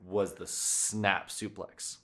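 A man hosting a podcast in casual chat, talking excitedly with lots of swearing and acting out quotes. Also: low-pitched, slow pace. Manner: excited, profane, acts out quotes. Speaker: podcast host.

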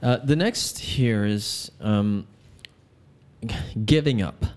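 A man with a low voice co-hosts a relaxed podcast conversation. He reads points from his notes and tosses in playful jokes. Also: slow pace. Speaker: podcast co-host. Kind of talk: casual chat.

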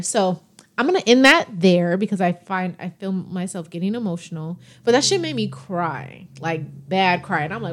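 A woman's voice: medium pitch, normal speed. A woman hosting a podcast, chatting candidly and emotionally, swearing freely. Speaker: podcast host. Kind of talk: casual chat.

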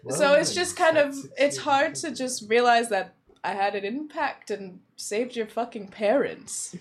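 A woman's voice: fairly high pitch, unhurried. A woman chatting playfully in an improvised role-play game, joking and swearing. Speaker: player voicing the Magician.

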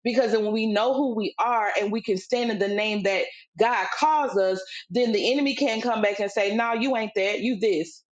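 A middle-aged woman co-hosting a faith podcast, telling a family story in a relaxed, chatty way and building into emphatic, preachy points. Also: mid-range voice, normal speed, hardly any pauses. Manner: conversational, acts out quoted voices, turns preachy and emphatic. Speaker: podcast co-host. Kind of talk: casual faith-based storytelling chat.

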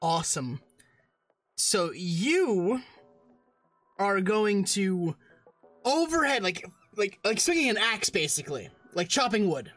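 A woman's voice: mid-range voice, big pitch swings, takes it slowly, pauses often, no echo, faint music behind. A woman narrating a tabletop game as game master, casual and crude.

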